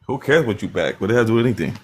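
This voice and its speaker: A man's voice: on the low side, expressive, very fast, a little hiss or hum. A man arguing on a live stream, insistent and repeating himself. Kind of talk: heated live stream argument.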